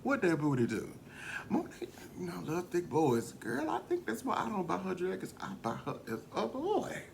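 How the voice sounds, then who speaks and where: A man giving a casual, gossipy recap of a reality show, animated and quick to laugh as he tells it. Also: high voice, creaky, a little hiss or hum. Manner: gossipy and animated, often laughing, slips into quoting.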